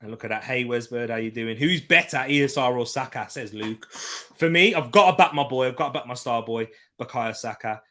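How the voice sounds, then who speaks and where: A young man hosting a live football watchalong, commenting on play, reading viewer comments and shouting at referee calls. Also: mid-range voice, brisk. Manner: shouts at referee decisions, then chats calmly with viewers.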